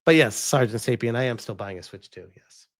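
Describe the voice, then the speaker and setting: A man's voice: medium pitch, lively intonation, brisk. A man ranting as a gaming streamer on a live stream, heated, exasperated and swearing freely.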